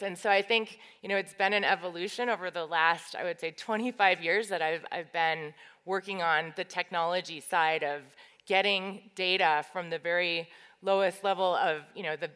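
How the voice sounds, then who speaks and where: A woman's voice: lowish voice, bright, forceful tone. A woman speaking on a conference panel, loosely explaining with fillers. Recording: reverberant hall on stage mic.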